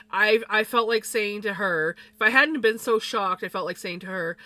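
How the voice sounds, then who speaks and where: A woman's voice: medium pitch, moderate pace, hardly any pauses, bright, forceful tone. A woman live streamer telling a personal story to her viewers in casual chat. She talks bluntly and swears freely. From Canada.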